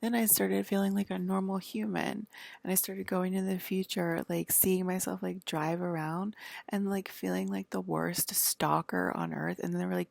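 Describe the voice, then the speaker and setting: A woman's voice: mid-range voice, little pitch movement, moderate pace, gravelly, a little mellow, dry recording. A woman vlogger talking in a rambling, profane casual monologue, leaning on "like" and sometimes dropping to a half-whisper. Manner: rambling and profane, heavy use of "like"; drifts into half-whispered stretches.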